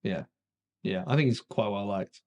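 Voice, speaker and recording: A man co-hosting a podcast, chatting casually, laughing often and agreeing quickly. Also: on the low side, darkish tone. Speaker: podcast co-host. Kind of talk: casual chat.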